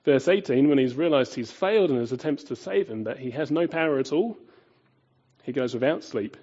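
A man preaching a sermon, emphatic, asking rhetorical questions and swinging between loud and quiet. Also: mid-range voice, expressive, a little fast, husky, dull audio.

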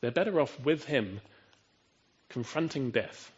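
A man's voice: medium pitch, lively intonation, a little slow, breathy edge, muffled recording. A man preaching a sermon in an earnest, emphatic way, often asking his listeners rhetorical questions.

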